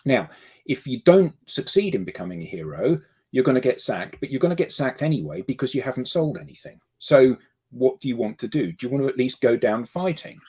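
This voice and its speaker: A man's voice: mid-range voice, big pitch swings, brisk, dark tone, husky. A man on a casual panel discussion, emphatic and rhetorical, arguing his point through questions.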